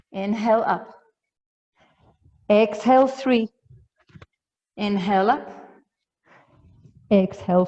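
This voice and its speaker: A woman teaching a yoga class, giving calm cues with light humor and sounding a little out of breath. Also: mid-range voice, big-room sound, dull audio. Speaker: yoga instructor.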